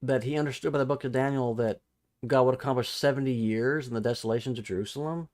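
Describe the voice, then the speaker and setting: A man hosting a live-streamed Bible study, thinking out loud, correcting himself mid-sentence and reading scripture aloud while he looks up verses. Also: medium pitch. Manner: halting and self-correcting, restarts numbers while looking up verses; reads scripture and viewer chat aloud.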